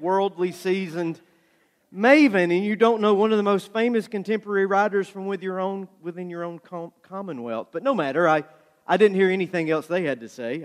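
A man preaching a sermon, telling a story with lively acted-out dialogue. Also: fairly high pitch. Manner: animated storyteller, acts out dialogue. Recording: long hall reverb.

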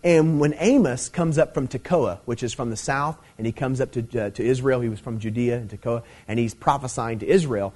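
A man's voice: mid-range voice, a little fast, hardly any pauses, darkish tone. A middle-aged man preaching a Bible teaching sermon in a conversational way, with many fillers, swelling into emphatic stresses.

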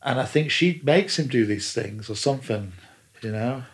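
Man, middle-pitched, chatty and meandering, restarts his sentences constantly. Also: animated, moderate pace. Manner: rambling, many restarts and fillers. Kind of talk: casual chat. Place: lives in a German-speaking country.

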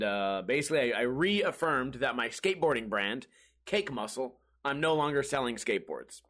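Profane, animated man telling stories. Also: medium pitch. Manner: profane, animated, acts out quoted voices. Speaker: podcast host. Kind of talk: casual comedic storytelling.

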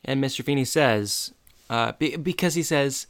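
A man's voice: mid-range voice, expressive, measured pace, clear, resonant tone. A man casually recapping a TV episode with a co-host, retelling scenes and quoting the characters in his own voice. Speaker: podcast co-host.

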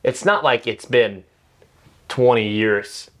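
Young male creator guest, easygoing podcast chat, mid-pitch, lots of ums and likes. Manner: relaxed, filler-heavy, quick to laugh. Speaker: social media creator guest.

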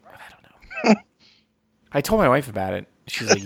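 A man in casual chat, rambling and animated as he tells stories, swearing freely. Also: mid-range voice, normal speed, vocal fry, a crowd in the background.

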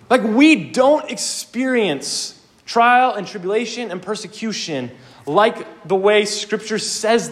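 A young man preaching a sermon, earnest and emphatic, with casual asides. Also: high-pitched.

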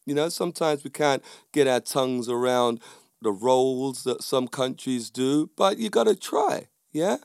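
A man's voice: medium pitch, expressive, measured pace, vocal fry, a little mellow, smooth, no room sound, studio quality. A man giving an emphatic casual monologue as a podcast host, often adding tag questions.

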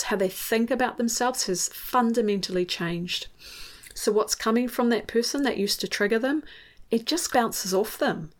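A woman hosting a solo self-help talk, speaking in an encouraging, emphatic way and often checking in with tag questions. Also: medium pitch. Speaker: podcast host and coach.

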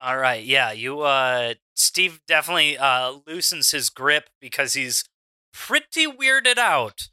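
A man narrating as game master of a tabletop wrestling game, measured and full of fillers. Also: medium pitch, sharp tone, smooth, no room sound.

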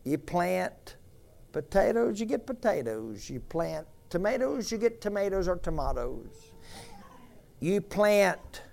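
With a high-pitched, gravelly, slightly mellow voice, an older pastor preaches unhurriedly and with lively intonation. He leads the congregation through repetitive, emphatic call-and-response phrases.

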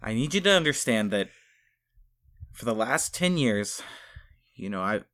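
A man playing a sheepish husband in an improvised comedy sketch, stammering and hesitant as he tries to calm his wife. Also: lowish voice, a little slow. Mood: placating. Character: sheepish husband, secret agent.

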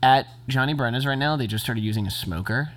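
A young man in casual podcast chat, rambling with deadpan jokes and many restarts. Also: medium pitch, quick pace.

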